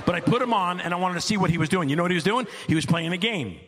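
Exasperated stand-up dad, animated. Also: male voice, high voice, very fast. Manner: animated, rising to near-shouts when exasperated. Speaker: stand-up comedian. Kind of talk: stand-up storytelling.

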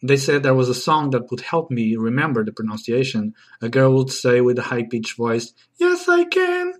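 A man's voice: mid-range voice, steady tone, normal speed. Playful man with a Portuguese accent. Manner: playful, mock-exasperated, self-deprecating. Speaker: podcast host. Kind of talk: comic monologue podcast.

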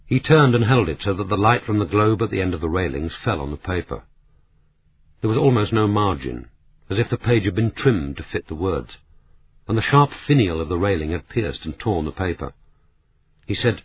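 A man narrating an audiobook in a measured, even storytelling manner. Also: low-pitched, slightly rough. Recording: tinny narrow-band audio.

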